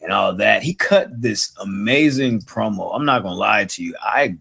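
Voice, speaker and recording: Brief: male host, low voice with a bright edge, relaxed, swearing recap. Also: normal speed, creaky, slightly rough. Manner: laid-back, profane, recapping. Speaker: podcast host. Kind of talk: casual wrestling chat.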